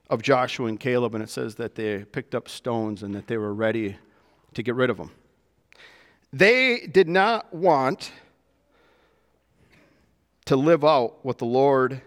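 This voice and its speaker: A man preaching a sermon to his church, with animated delivery that rises and drops to soft, emphatic lows. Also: big-room sound. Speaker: pastor.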